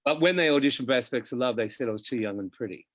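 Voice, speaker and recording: A middle-aged singer in a casual interview, telling chatty, animated anecdotes about his career. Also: mid-range voice, very fast, no room sound. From Australia. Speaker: interview guest, musical theatre singer.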